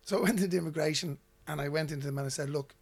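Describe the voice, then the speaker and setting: A man's voice: a little high, rapid-fire, vocal fry, husky. A man from Ireland with an Irish accent, a guest telling personal stories in a loose, repetitive way. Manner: rambling, repeats words when starting sentences. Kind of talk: casual storytelling.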